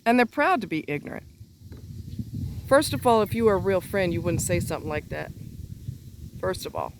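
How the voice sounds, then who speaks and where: A woman's voice: fairly low pitch, animated, a little fast, a little hiss or hum. A woman vlogger delivering a heated, profane personal rant in a blunt, exasperated way.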